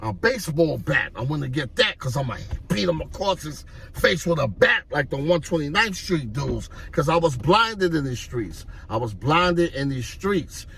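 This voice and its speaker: A man from Harlem, telling street stories in an animated way and acting out the voices. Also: on the high side, moderate pace, creaky, few pauses. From Harlem, New York. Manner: animated, acts out voices, repeats "you know what I mean". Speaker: storyteller. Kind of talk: street storytelling vlog.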